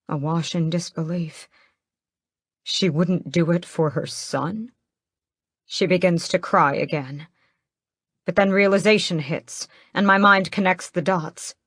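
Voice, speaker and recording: A woman narrating a first-person fantasy audiobook in a measured, steady way, close to the mic. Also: fairly low pitch, breathy edge, no echo.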